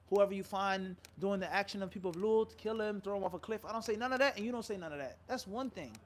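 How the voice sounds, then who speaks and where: High-voiced emphatic male Muslim scholar. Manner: emphatic, rhetorical questions, Arabic phrases. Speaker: Muslim scholar answering questions. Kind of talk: live Q&A sermon.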